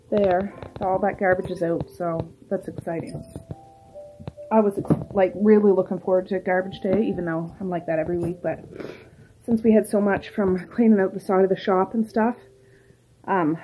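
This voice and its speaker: A middle-aged vlogger from Nova Scotia, Canada, rambles casually to the camera as she goes about her day, talking to her pets and birds along the way. Her voice is mid-range, and the recording quality is low.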